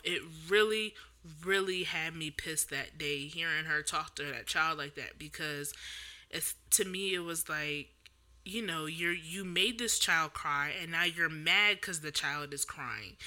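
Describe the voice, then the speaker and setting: A woman's voice: lowish voice, bright, forceful tone. A woman who is a parent, hosting a casual podcast monologue and telling a story candidly and heatedly, with many fillers and restarts.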